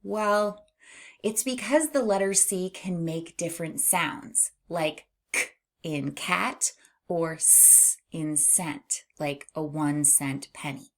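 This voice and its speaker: A woman's voice: low voice, slow. A woman teaching a children's phonics lesson, speaking in a patient, encouraging way.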